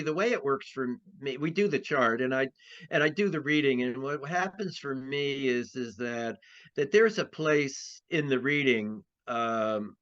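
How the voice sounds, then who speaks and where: A man's voice: a little high, sharp tone. A man, an astrologer being interviewed, talks in a rambling way with many restarts and fillers. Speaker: astrologer guest. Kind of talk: conversational interview. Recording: dull lo-fi sound.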